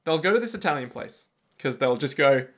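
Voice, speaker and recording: A man co-hosting a podcast in casual chat, playful and slipping into quick character voices. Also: medium pitch, big pitch swings, fairly bright tone. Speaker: podcast co-host.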